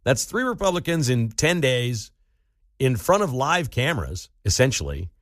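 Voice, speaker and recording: A man hosting a radio talk show, telling stories casually in a lively way, his voice jumping up high in pitch for emphasis. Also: normal speed, no room sound, studio quality. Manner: animated storytelling with sudden rises in pitch.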